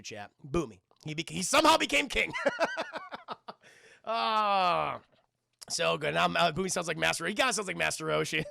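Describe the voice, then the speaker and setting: Excitable, gravelly-voiced male streamer. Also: fairly high pitch, moderate pace, long pauses, dry recording, studio quality. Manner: excitable, profane, addresses chat, frequent restarts. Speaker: streamer recapping a cartoon episode. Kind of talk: casual live-stream recap.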